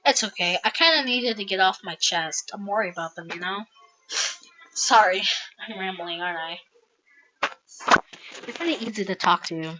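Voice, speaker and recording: A woman voicing a weary male community organizer who talks haltingly and trails off, on a dull, dry recording. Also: mid-range voice, pushed and bright, a little hiss or hum, lightly acted. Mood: rueful.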